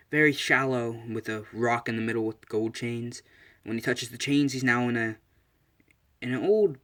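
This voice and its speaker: A man casually reading his own fan story aloud, hesitant, with frequent pauses and restarts. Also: medium pitch, fairly bright tone. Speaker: fan fiction narrator.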